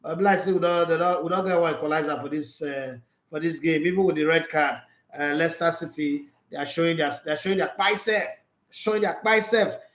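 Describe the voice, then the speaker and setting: A man with a Nigerian Pidgin English accent runs an excitable football chat, laughing and switching freely between Pidgin and English. His voice sits a bit high for a man. The room around him rings with a noticeable echo. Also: brisk. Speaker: sports channel host. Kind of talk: live football commentary chat.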